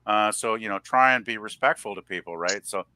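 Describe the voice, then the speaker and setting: A chatty man spinning a rambling story on a casual livestream. His voice is bright and forceful. The sound is dry and close to the mic. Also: on the low side, fairly quick, dry recording.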